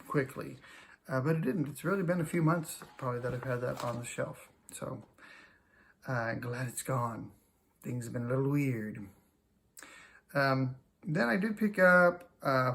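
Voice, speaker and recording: A man's voice: a little high, vocal fry, fairly bright tone. A man chatting casually to camera as a small-time reseller, self-mocking and full of fillers. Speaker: reseller and vlogger.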